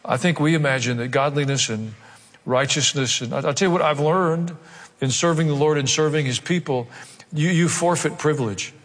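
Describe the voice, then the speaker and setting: A pastor preaching a sermon, emphatic and conversational, repeating key phrases. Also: male voice, fairly high pitch, moderate pace, fairly bright tone. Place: large church hall. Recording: long hall reverb.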